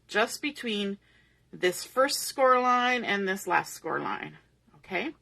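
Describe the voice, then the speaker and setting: Bright-voiced woman teaching a card craft. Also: fairly high pitch. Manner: patient, methodical, talks through each step. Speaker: papercraft instructor. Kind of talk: step-by-step crafting tutorial.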